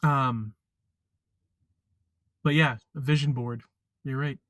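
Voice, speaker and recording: A man's voice: medium pitch, fairly even intonation, a bit bright, dry recording. Guy rambling on a live stream, lots of ums and restarts, dry close sound. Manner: rambling, halting, many fillers and restarts. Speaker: vlogger. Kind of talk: casual live chat.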